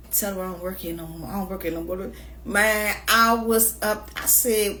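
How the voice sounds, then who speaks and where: A woman vlogging in a casual rant, moving from quiet, hushed asides to loud, laughing storytelling. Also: medium pitch, moderate pace.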